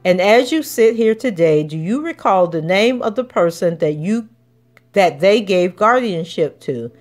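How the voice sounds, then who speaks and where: A woman podcast host reading a trial transcript aloud, voicing the questioning in a measured, even way. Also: medium pitch.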